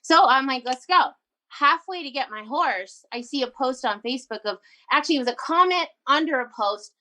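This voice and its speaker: A woman telling a personal story in a casual interview, animated and emphatic, acting out her own quoted lines. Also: high voice, a little fast. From Canada. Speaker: guest entrepreneur.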